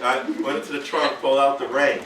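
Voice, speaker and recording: A man casually telling a group how he got engaged, animated, acting out what everyone said and often laughing. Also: medium pitch, fairly quick, crowd noise. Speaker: groom-to-be telling his engagement story. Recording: roomy, mic far off.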